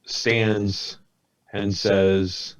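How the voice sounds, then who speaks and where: A man running a tabletop game as game master, narrating with lots of halting fillers. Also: fairly low pitch, level tone.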